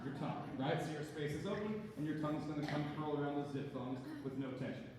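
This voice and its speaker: A man coaching a chorus through a vocal warm-up in a chatty way, often checking in with "right?". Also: a little high, fast talker, a little hiss or hum. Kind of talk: rehearsal coaching. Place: large echoey rehearsal hall. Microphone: distant room recording. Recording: echoey hall recorded from far off.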